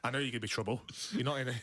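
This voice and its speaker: Jokey man with lively pitch. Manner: jokey, laughs a lot. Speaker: podcast co-host. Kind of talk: casual chat.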